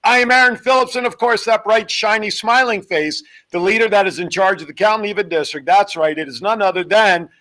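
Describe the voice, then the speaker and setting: A man hosting a live studio talk show, joking and running through announcements in quick, upbeat patter. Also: high-pitched, pushed and bright. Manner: jokey, upbeat, rapid patter. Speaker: host. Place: television studio.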